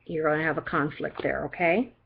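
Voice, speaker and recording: Low-voiced older woman giving a psychic reading. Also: fairly even intonation, a little fast, creaky, a little hiss or hum. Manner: chatty, reassuring, checks in with frequent "okay?". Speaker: psychic reader. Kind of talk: one-on-one card reading. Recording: dull lo-fi recording.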